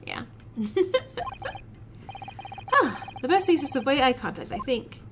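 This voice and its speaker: A woman hosting a casual game playthrough, reacting with quick asides. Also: high-pitched, sing-song, noisy background. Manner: laughing asides to herself. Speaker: let's play host.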